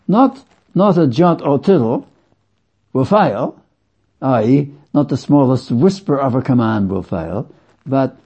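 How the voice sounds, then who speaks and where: A man preaching a sermon slowly and with emphasis, repeating phrases for weight. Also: mid-range voice, sing-song, warm tone, breathy edge. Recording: dull lo-fi sound.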